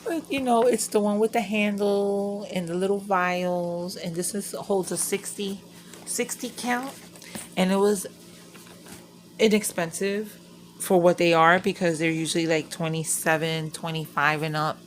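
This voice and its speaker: A woman with a lowish voice chats casually at her craft table, rambling through a story and cursing freely. A faint hiss of background noise sits under the recording. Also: steady tone, a little slow. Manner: rambling, swearing, laughing storyteller. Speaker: crafting vlogger. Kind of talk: casual chat while crafting.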